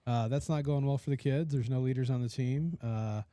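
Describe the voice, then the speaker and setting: Mellow-voiced man telling stories. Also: mid-range voice, brisk, no room sound. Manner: laughing storyteller, acts out quotes. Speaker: podcast host. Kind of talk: casual chat.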